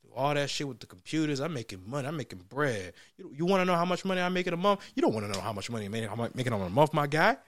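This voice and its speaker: A man imitating a boastful young male hustler who pushes get-rich schemes with slangy, fast, pushy sales patter, in a lower and quieter voice than his own. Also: big pitch swings, no room sound. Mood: boastful hype.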